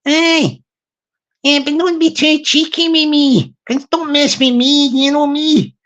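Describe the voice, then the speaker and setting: A woman's voice: sits high, fairly even intonation, a little slow, a bit bright, pitched above the performer's own voice. A woman doing cheeky tough Glaswegian Peggy. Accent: put-on Glaswegian Scottish. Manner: cheeky, mock-threatening. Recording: dull lo-fi stream audio.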